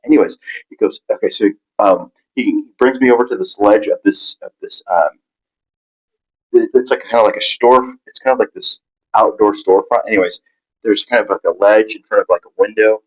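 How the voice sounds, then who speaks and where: A man telling a personal story in a halting, rambling way, full of restarts and fillers, acting out the voices of people he met. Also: fairly low pitch, highs cut off.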